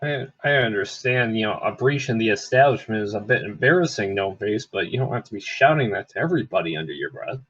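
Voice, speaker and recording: A man's voice: on the low side, expressive, quick pace, few pauses, a bit bright, breathy edge. A man voicing a boastful male adventurer in a tabletop game, talking in a smug, self-assured way. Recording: dull lo-fi mic.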